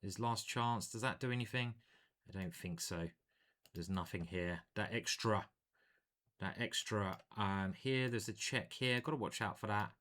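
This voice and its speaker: A man commentating his own online chess games live, thinking aloud in a playful, animated way. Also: fairly low pitch, a little slow.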